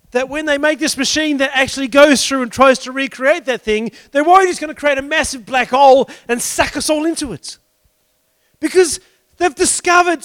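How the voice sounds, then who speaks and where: A man preaching a sermon with passion, breaking into shouts and slowing down to stress key phrases. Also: very high voice, no echo. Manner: impassioned preaching with sudden shouts and slow emphatic phrases. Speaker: pastor.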